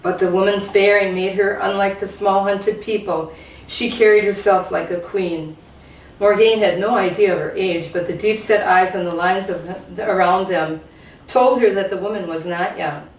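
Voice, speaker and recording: Woman reader, steady storytelling to a room; distant mic, roomy echo. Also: medium pitch, moderate pace. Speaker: speaker reading aloud. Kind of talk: reading a novel excerpt aloud. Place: lecture room. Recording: roomy hall, voice from far off.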